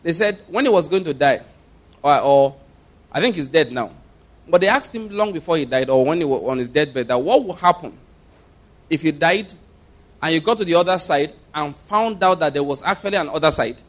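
A man preaching a sermon, reading scripture slowly and stressing key words, often checking that his listeners follow. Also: a little high, lively intonation. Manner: asks listeners to follow along.

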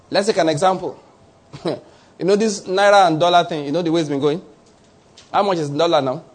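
In a raised, husky, high-pitched voice, a Nigerian pastor delivers his sermon at normal speed with frequent pauses. He's animated and chatty, slipping into small character voices and repeatedly asking if the listener gets his point.

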